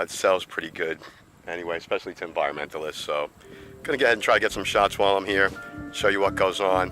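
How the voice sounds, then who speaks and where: A man's voice: lowish voice, pushed and bright, a little hiss or hum, low-quality recording. A man in his fifties talking casually while walking outdoors on a seaside boardwalk, a little out of breath, rambling in an easygoing way. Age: 50s. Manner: rambling, self-chatting, easygoing. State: slightly out of breath. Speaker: vlogger.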